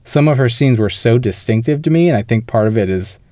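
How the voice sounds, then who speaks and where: A medium-pitched man with a warm tone co-hosts a film podcast, chatting briskly and casually as he explains things and laughs now and then. The studio-quality recording has no echo.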